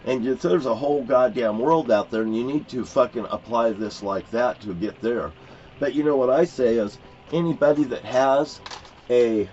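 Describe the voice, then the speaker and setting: A man's voice: mid-range voice, darkish tone. An older man ranting in a blunt, profane, rambling monologue, cursing often and pressing his points hard. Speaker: vlogger. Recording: dull lo-fi sound with faint background hiss.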